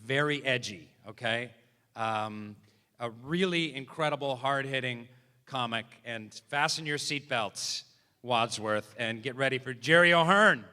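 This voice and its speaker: A man hosting a live comedy show, introducing the acts with deadpan, joking hype. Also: mid-range voice, unhurried. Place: large theatre stage. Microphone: stage microphone. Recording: live theatre hall reverb.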